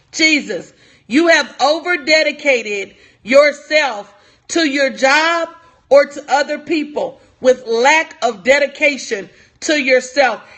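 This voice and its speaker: Her voice sits high with a fairly bright tone as she coaches viewers through a motivational live stream. The woman repeats phrases for emphasis and speaks to chat members by name.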